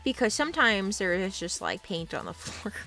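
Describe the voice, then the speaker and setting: A woman's voice: mid-range voice, big pitch swings, normal speed, bright, forceful tone, faint music behind. A young woman streaming from her home art studio, chatting and giggling as she talks to her dogs. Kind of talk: casual live-stream chat.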